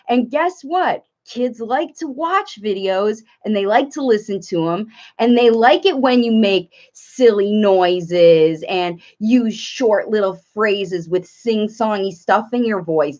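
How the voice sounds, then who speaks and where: A woman speech therapist and parent coach giving live Q&A advice, talking in an animated way and breaking into playful sing-song examples. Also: fairly high pitch, unhurried. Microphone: live stream. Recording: dull lo-fi livestream audio.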